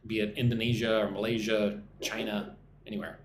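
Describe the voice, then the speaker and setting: A man's voice: fairly low pitch, level tone, a little fast, echoey room, a little hiss or hum. A man from Texas with a mild Texan accent, teaching English on a live stream and reading viewer comments aloud in a chatty way. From Texas, USA.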